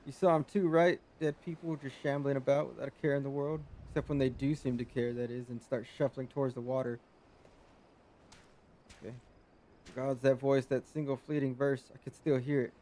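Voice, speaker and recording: A man voicing a shaken, rough-spoken male scavenger adventurer in a video game. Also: medium pitch, fairly even intonation, normal speed, dark tone, natural voice. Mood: uneasy.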